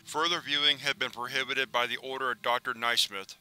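A man reads out a formal document in measured scripted narration. His voice is very bright and clean-edged, at a middle pitch. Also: fairly even intonation, clear, resonant tone, no echo.

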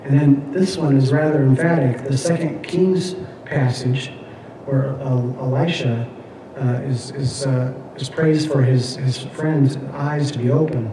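Halting male teacher in an echoey room. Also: mid-range voice, steady tone, noisy background. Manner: halting, frequent fillers and restarts. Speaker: Bible class teacher. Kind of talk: classroom lecture with scripture readings. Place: classroom. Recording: echoey room, mic at a distance.

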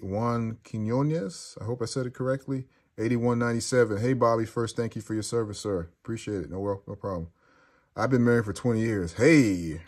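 Hosting a relaxed, casual chat, a man with a deep voice reads out his viewers' comments, his humor crude and his talk wandering from one thing to the next.

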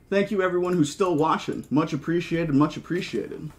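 A man reading a novel aloud in a horror-themed style, adding casual, halting commentary with frequent restarts. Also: fairly high pitch. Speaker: audiobook reader.

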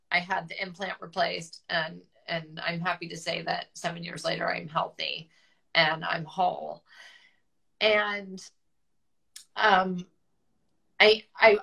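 Woman in her fifties, bright clear voice, candid personal storytelling, filler-heavy, tearful at times. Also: lowish voice, poor audio. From United States. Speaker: guest author.

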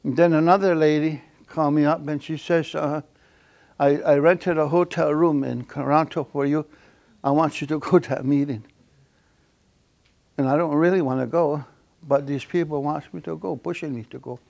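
Older man telling stories, slightly high voice. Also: fairly even intonation, gravelly, darkish tone, dull audio. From Akwesasne Mohawk community. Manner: halting, repetitive delivery with many fillers; chuckles while telling stories. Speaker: elder giving a lecture. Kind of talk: storytelling lecture.

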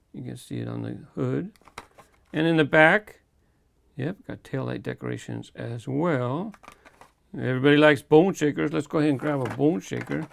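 A man's voice: fairly high pitch, vocal fry. A man hosting his own toy car unboxing video, talking in an easygoing, chatty way and chuckling now and then between remarks. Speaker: toy car collector host. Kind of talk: casual unboxing commentary.

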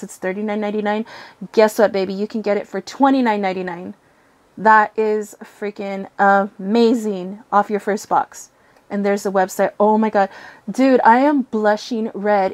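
A woman's voice: medium pitch, a little mellow. A young woman with a gushing, giddy manner, unboxing and showing items as a tarot reader. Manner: giddy, gushing, swears and giggles often. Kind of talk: excited casual unboxing vlog.

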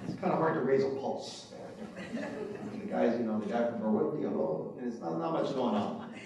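A man's voice: medium pitch, normal speed, far from the mic, crowd noise. Storytelling man in an echoey hall. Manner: animated anecdotes with quoted voices. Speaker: author giving a talk. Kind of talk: storytelling public talk.

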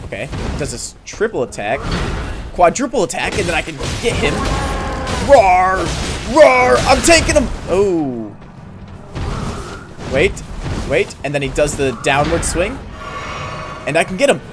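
A young man talking through a game as he plays, excitable and chatty, often yelping in surprise and talking to the characters on screen. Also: moderate pace. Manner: excitable, talks to the game, jumps to high yelps. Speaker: streamer playing a game. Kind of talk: let's play commentary. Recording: game music in the background.

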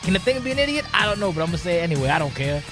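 A man's voice: high-pitched, big pitch swings, rapid-fire, over music. A man doing color commentary on wrestling, rambling with sarcastic, mocking jokes. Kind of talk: joking wrestling game commentary.

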